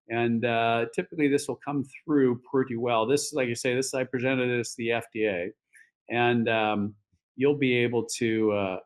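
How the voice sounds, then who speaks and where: A male orthopedic surgeon telling patient stories on a podcast, of ordinary pitch. He rambles with fillers and restarts, and acts out both sides of conversations. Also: rough recording. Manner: acts out quoted dialogue. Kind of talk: casual podcast storytelling.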